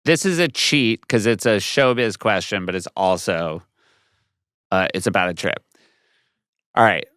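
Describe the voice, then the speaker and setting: Low-voiced man hosting, dry sound. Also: a little slow, pauses often, fairly bright tone, dry recording. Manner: playful, jokey questions. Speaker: podcast host. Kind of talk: casual interview.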